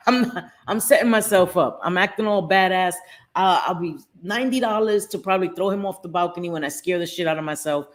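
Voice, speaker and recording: A middle-aged woman chats casually with her viewers during a livestream from her home. Her voice sits a little low. She talks loosely, calls out viewers by name, and curses freely. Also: fairly quick, slight background noise. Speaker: livestream host.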